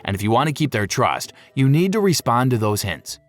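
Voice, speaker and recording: A man narrates a scripted pet-care video in a lively voice that moves all over its range. He tosses in playful, jokey asides. The sound is dry and close, with faint music behind him. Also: mid-range voice, brisk, dry recording.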